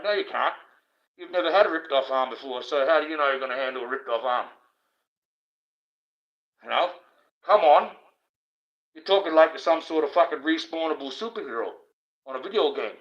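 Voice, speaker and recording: A man's voice: on the high side, brisk, a bit bright. A man, hosting a livestream and ranting in a rambling, profane monologue. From Australia. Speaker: livestream host. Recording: dull lo-fi stream audio.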